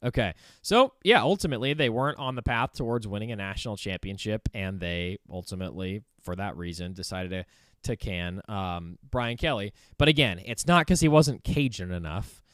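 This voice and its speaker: A man's voice: fairly low pitch, lively intonation, moderate pace, a bit bright, no room sound, clean studio sound. A young man hosting casual sports commentary, rambling and opinionated, with lots of filler words. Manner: rambling, heavy use of "like", opinionated.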